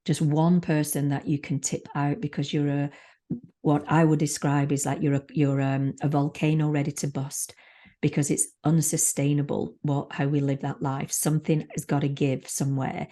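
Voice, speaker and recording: A woman's voice: deep voice, flat delivery, normal speed, dark tone. A woman who is a spiritual mentor, a guest on a podcast, speaking frankly and swearing freely in casual conversation.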